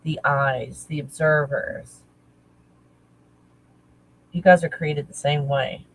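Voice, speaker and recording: A woman talking casually as a spiritual teacher, halting and searching, correcting herself often. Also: low-pitched, fairly even intonation, low-quality recording. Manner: halting, searching, self-correcting with nervous laughs. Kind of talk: casual channeling talk.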